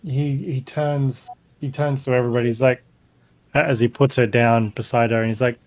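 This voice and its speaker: A man's voice: mid-range voice, fairly even intonation, moderate pace, darkish tone. A man narrating casually as the game master of an online tabletop game. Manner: casual, descriptive, laid-back.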